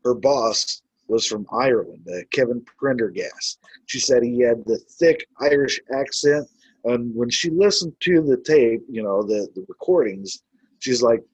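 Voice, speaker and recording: A man's voice: medium pitch, measured pace, husky, no room sound, lo-fi sound. A man who investigates the paranormal, telling his stories in a casual, rambling way with many filler words. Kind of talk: casual storytelling.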